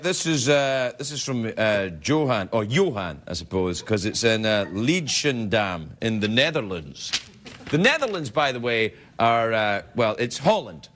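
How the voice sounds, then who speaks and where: A man hosting a late-night talk show, rambling through viewer emails with a jokey, playful manner. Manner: playful, rambling, jokey, quick pitch jumps. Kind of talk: comic monologue reading viewer emails. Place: TV studio with live audience. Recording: broadcast with loud audience laughter and noise.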